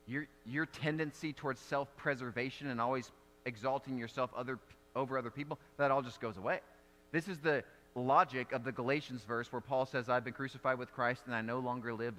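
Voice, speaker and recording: Guy preaching, bright voice, chatty storytelling, big church reverb. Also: mid-range voice, brisk. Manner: conversational storytelling preacher, animated delivery. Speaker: pastor. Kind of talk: sermon. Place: church sanctuary.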